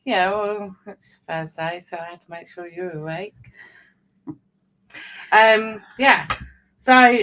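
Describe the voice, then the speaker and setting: A woman's voice: medium pitch, slow pace, long pauses, fairly bright tone, a little hiss or hum. A woman, chatting casually as co-host of a weekly live stream, with plenty of fillers. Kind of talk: casual chat.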